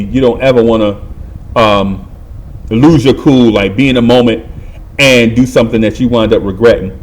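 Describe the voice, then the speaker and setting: Animated man telling a street story. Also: medium pitch. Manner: animated, voices other people and makes sound effects. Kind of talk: casual storytelling.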